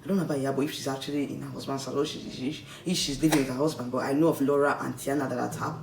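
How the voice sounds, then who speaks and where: A man's voice: mid-range voice, level tone, racing, creaky. A man with a Nigerian accent, vlogging casual commentary in a rambling, chatty way that keeps checking in with the listener. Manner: chatty, rambling, keeps tagging "okay?" and "like, seriously". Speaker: vlogger reviewing a reality show. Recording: echoey room, distant mic, faint noise.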